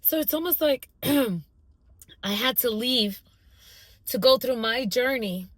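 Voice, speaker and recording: A woman's voice: fairly high pitch, expressive, takes it slowly, no room sound. A middle-aged woman sharing a heartfelt personal testimony in a casual vlog, talking from a car. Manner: earnest, heartfelt, faith-filled storytelling. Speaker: vlogger. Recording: loud car road noise.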